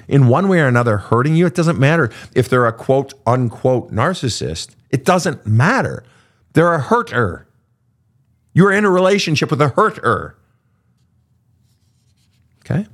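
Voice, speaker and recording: Male host, middle-aged, blunt and profane, lively pitch. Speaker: podcast host, coach. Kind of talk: casual advice talk.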